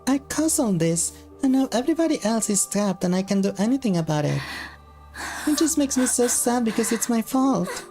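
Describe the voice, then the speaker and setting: A man's voice: very high voice, big pitch swings, normal speed, mellow, soft background music, pitched above the performer's own voice, full character voice. A man voicing an anxious, guilt-ridden young woman prisoner who stammers and sounds close to tears, reading game dialogue aloud. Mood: tearful. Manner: tearful, hesitant, stammering.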